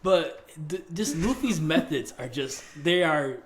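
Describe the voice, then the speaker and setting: A man's voice: on the high side, a little slow, a little hiss or hum. A man co-hosting a podcast, telling stories in a loose, slangy way with lots of fillers and restarts. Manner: animated storytelling, slangy, many fillers and restarts. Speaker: podcast co-host. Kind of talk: casual chat.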